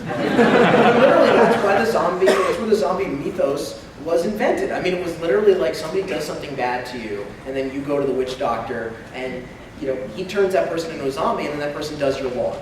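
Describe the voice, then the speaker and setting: Animated man in an echoey hall. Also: a little high, quick pace. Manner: animated, jokey, acts out quotes. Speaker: author on a convention panel. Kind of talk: live panel Q&A, comic storytelling. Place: large convention hall. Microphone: PA mic heard from the front row. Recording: echoey hall from far off, noisy.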